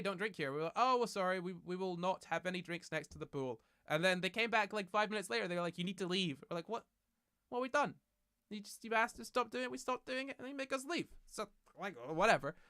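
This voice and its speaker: A man's voice: high voice, pushed and bright, clear, resonant tone, dry recording, studio quality. A young man streaming from his desk at home, chatting in a rambling, self-correcting way with light laughs, into a desk mic. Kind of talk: casual livestream chat. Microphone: desk microphone.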